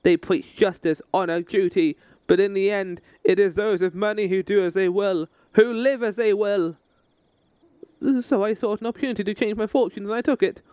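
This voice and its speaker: A man's voice: high voice, steady tone, moderate pace, a little mellow, clean tone, no echo, close to an everyday voice. A man reading out the lines of a desperate, self-pitying male traitor soldier from a game, in an earnest, pleading way. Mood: confessing. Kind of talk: reading game dialogue aloud.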